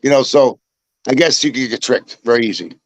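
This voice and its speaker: A man's voice: mid-range voice, expressive, fairly quick, rough recording. An older man from Chicago, a podcast host telling stories in a rambling way, with many restarts and repeats. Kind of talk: casual chat.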